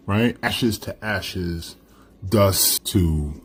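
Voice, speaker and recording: A man's voice: sits low, drawn-out words, slight background noise. A male teacher giving a casual classroom literature lecture, talking things through and checking in with "right?" after nearly every point. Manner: conversational, keeps asking "right?".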